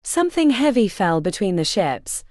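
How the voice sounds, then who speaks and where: A woman narrating a fantasy audiobook in the first person, her pitch rising and falling freely. She voices the story with expressive shifts between scenes. The sound is close and dry, with no room around it. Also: normal speed, no echo. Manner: expressive, varied character voicing.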